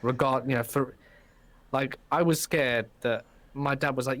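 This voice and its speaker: A man in his thirties from the UK, a guest in a casual chat, telling a story in an animated, rambling way with many restarts. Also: medium pitch, a little slow, dry recording. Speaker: podcast guest.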